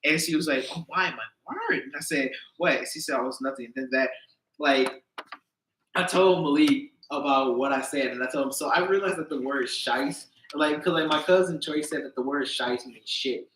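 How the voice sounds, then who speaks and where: Animated young man telling stories, roomy echo. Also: normal speed, a little hiss or hum. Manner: animated storyteller, jumps into high-pitched quoted voices. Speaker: podcast host. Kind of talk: casual chat. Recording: echoey room.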